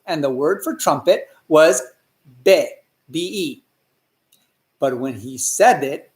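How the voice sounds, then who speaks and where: A male storyteller narrating a children's story in an animated way and often asking the listeners questions. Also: fairly high pitch, moderate pace, roomy sound.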